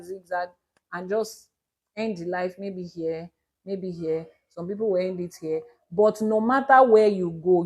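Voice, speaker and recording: A woman's voice: medium pitch, darkish tone. A Nigerian woman, an Ifa priestess, teaching on a live stream and answering viewers' questions, explaining with examples and repeating her key points. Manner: explains with examples and repetition, emphatic.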